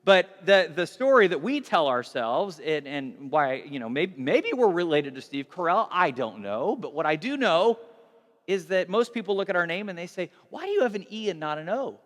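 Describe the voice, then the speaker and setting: Storytelling male pastor with a higher-pitched voice. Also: very animated, moderate pace, a bit bright, in a large hall. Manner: conversational, self-deprecating, repeats and restarts. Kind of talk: casual storytelling sermon.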